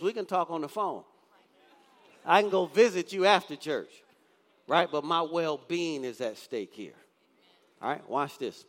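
A male pastor in his fifties preaches a sermon in a church sanctuary, often asking the congregation questions and reading scripture aloud. His voice is a little high with a fairly bright tone, and the recording carries a long church reverb.

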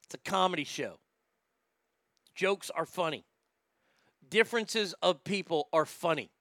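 A man's voice: high voice, lively intonation, a little slow, sharp tone, no room sound, clean studio sound. A male comedian hosting a livestream, reading chat aloud and ranting in a blunt, profane way. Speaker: comedian host.

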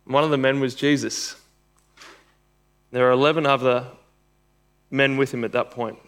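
A man's voice: steady tone, moderate pace, a bit bright. A man preaching a sermon, reading scripture aloud and explaining it, rising for emphasis. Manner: expository preaching, reads scripture aloud, rises in pitch for emphasis.

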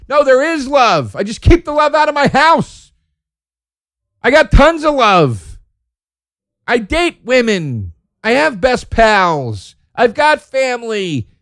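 A man doing a profane, sarcastic stand-up routine, ranting and jumping from loud high outbursts to low mutters. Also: very animated, measured pace, no room sound, clean studio sound. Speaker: stand-up comedian.

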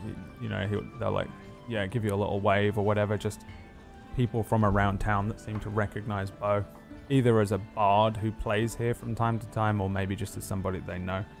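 A man's voice: on the low side, little pitch movement, brisk, vocal fry, soft background music. A man narrating as game master of a tabletop game, loose and rambling with many fillers.

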